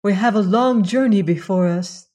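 A woman voicing a young princess, earnest and tender, speaking gently in old-fashioned words. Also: mid-range voice, normal speed, natural voice. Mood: warm. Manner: gentle, questioning, archaic speech.

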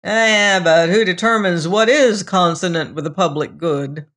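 A reader voicing a gruff old grumbler. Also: mid-range voice, measured pace, a bit bright, lightly acted. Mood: grumbling. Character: grumbling old man, defiant and mournful.

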